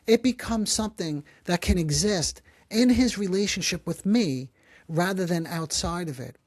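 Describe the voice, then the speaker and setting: A man hosting a psychology podcast, who explains calmly and gently and slows down to stress key phrases. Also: high voice, dry recording. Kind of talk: calm explanatory talk.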